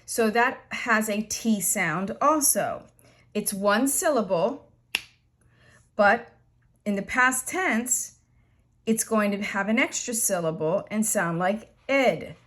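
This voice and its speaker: Slow, patient woman teaching English. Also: mid-range voice, lively intonation, a bit bright. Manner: patient, slow explaining with repeated examples. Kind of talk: grammar lesson.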